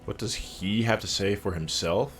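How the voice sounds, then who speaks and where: A man's voice: lowish voice, moderate pace, faint music behind. A man streaming a game, reading its dialogue aloud and joking in between. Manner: wry, joking, reads lines in character.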